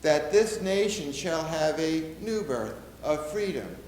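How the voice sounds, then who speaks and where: A historical reenactor speaks in first person as a solemn, middle-aged nineteenth-century American president, measured and oratorical with a reflective mood. His somewhat high, darkish voice is animated yet unhurried, and the roomy recording carries faint ambience plus slight hiss or hum.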